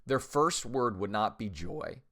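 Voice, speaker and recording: A middle-aged man hosting a faith podcast, talking casually with energetic, animated emphasis. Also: fairly low pitch, a little slow. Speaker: podcast host.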